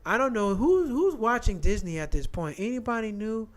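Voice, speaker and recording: A high-pitched man rants his way through the news. His delivery is animated and profane, and he keeps circling back to repeat his points. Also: moderate pace. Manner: animated, profane, repetitive rant. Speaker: commentary channel host. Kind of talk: ranting commentary, reading headlines.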